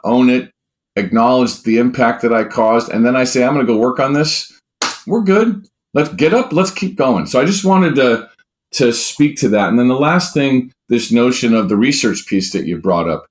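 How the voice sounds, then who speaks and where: A man speaking as a guest coach in an interview, emphatic and animated, who swears now and then and acts out quoted speech in a raised voice. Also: medium pitch. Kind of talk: conversational interview answers.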